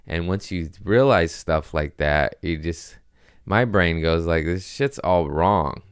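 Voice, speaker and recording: A man's voice: low voice, takes it slowly, smooth, no room sound, studio quality. A man hosting a comedy podcast, rambling casually with profanity and jokes.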